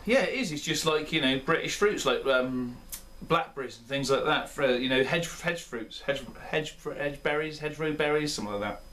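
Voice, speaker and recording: A man's voice: a little high, normal speed, few pauses, a bit bright, a little hiss or hum. A man hosting his own beer review video, talking in a chatty, rambling and self-deprecating way. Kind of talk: casual chat. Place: indoor room at home.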